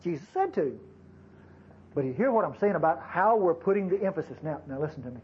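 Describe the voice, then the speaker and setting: Folksy preacher, high lively voice. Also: male voice, brisk, lo-fi sound, a little hiss or hum. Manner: folksy, conversational preaching with asides to the congregation. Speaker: pastor. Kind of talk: sermon.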